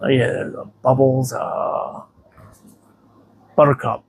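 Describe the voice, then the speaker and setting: A man with a gravelly voice talks as a guest on a casual interview show. He rambles through stories, swears freely and keeps saying "you know." His voice sits in an ordinary middle pitch. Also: little pitch movement, slow pace. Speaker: tattoo shop owner, podcast guest.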